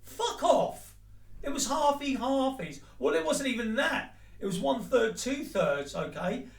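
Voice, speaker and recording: A vlogger with an extremely high, animated voice and some vocal fry rants angrily at the camera, swearing and speaking directly to his ex at a moderate pace. He sits away from the mic in an echoey room.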